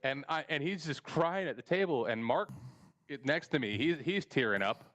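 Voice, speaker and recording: A man's voice: a little high, animated, moderate pace, a bit bright, muffled recording. A man hosting a podcast and telling a long story in casual chat, rambling and laughing often as he goes. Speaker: podcast host.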